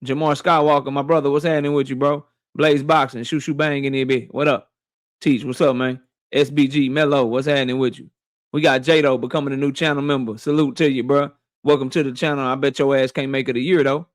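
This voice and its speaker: A man's voice: mid-range voice, little pitch movement, brisk, no echo, studio quality. A man hosting a boxing livestream, casually greeting chat members one by one in a slangy, playful way.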